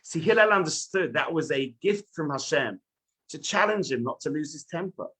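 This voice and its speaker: A man teaching as a rabbi in a lively sermon, telling stories and speaking straight to his listeners. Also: on the high side, moderate pace, slightly rough. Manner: animated storytelling, addresses listeners directly.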